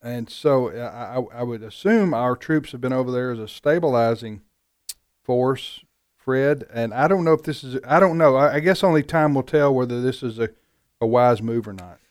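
A man hosting a talk radio show, chatting casually in a rambling way, with frequent pauses and restarts. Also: mid-range voice, dry recording, studio quality.

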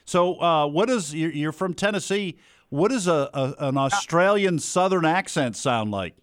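A man's voice: a little high, expressive, a little slow, fairly bright tone, clean tone, no echo, studio quality. A male radio show host chatting casually with callers and co-hosts, joking and laughing often.

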